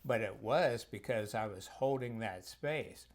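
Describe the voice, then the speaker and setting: A man's voice: fairly low pitch, unhurried. A man who works as a health practitioner, telling reflective personal stories in a conversational way for a course video.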